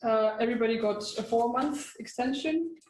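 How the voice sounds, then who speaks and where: A woman's voice: a little high, moderate pace, darkish tone, echoey room, far from the mic, a little hiss or hum, poor audio. A woman from Estonia answering questions modestly in a casual interview. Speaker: guest horn student.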